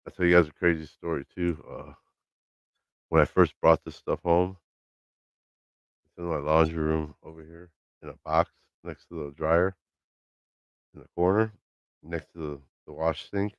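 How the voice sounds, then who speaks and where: A man with a rumbling low, clear and resonant voice hosts a casual live stream from home near his laundry room, speaking at a moderate pace with a steady tone and long pauses. He tells a story loosely and with swearing, acting out the characters' lines; the audio has no room sound and the highs are cut off.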